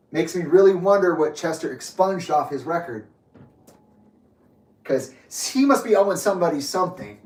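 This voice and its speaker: A man's voice: fairly high pitch, a little mellow. A young man telling his story in an angry personal monologue, bitter, sarcastic and swearing often. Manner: bitter, sarcastic, profane ranting. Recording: echoey room, voice from a distance.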